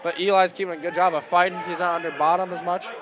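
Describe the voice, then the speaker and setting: A man calls a school wrestling match in a gym, his voice sitting a little high as he chatters along. He is excitable and rambling, quick to apologize for slips. A noisy crowd fills the background. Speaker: play-by-play announcer. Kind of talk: live school sports commentary. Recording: loud gym crowd noise. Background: cheering crowd and shouting coach.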